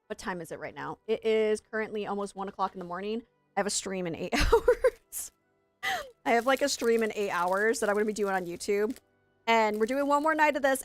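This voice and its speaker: A woman's voice: fairly high pitch, fairly bright tone, no echo. Chatty rambling woman streamer. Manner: rambling, chatty, self-deprecating. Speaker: English teacher. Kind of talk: live gaming stream chat.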